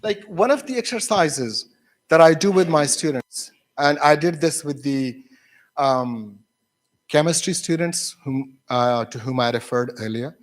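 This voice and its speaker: Male professor, fairly high voice that swings widely, chatty lecture full of anecdotes. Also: unhurried. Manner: animated storyteller, many fillers and restarts; acts out students' voices when quoting. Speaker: university lecturer.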